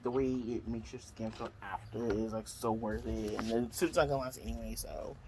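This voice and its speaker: A man's voice: fairly low pitch, steady tone, moderate pace, background noise. A man vlogging at home, telling a bus story and then unboxing skincare, chatty with dramatic exclamations and lots of fillers. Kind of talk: casual storytime and product unboxing.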